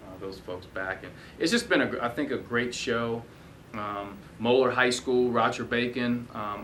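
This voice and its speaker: A man's voice: mid-range voice, a bit bright, distant mic, slight background noise. A young man hosting a sports talk show, chatting casually with lots of fillers and self-corrections. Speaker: host. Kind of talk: casual studio chat.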